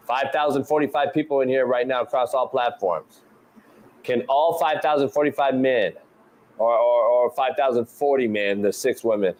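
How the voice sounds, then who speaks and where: A man's voice: mid-range voice, normal speed, darkish tone. A man hosting a talk show, teasing his co-host in playful, profane banter.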